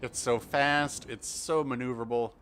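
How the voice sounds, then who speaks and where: A relaxed man talks his way through a live game stream, tossing out jokes and chuckling between his remarks. His voice sits at an ordinary middle pitch. A faint hiss runs underneath. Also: normal speed. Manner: chatty, laughs often, jokey asides. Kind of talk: live gameplay commentary.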